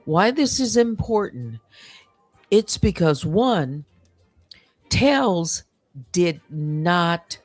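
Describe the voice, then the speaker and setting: A woman hosting a livestream, reading through emails and commenting in a deliberate, measured way with many pauses. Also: fairly low pitch, big pitch swings, a little mellow, dry recording, soft background music. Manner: deliberate, measured, pausing often. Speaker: livestream host.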